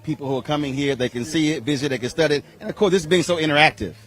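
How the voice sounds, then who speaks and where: A man with a high, bright, sharp-toned voice works as a roving reporter. He chats his way through an outdoor street event among a crowd, keeping things breezy, upbeat and colloquial. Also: rapid-fire. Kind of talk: roving interview.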